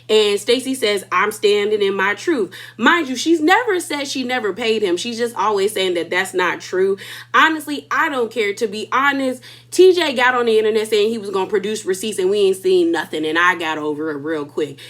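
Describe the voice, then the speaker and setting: A woman recapping a reality show episode in a casual, gossipy way, with drawn-out reactions. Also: mid-range voice, expressive, fairly bright tone.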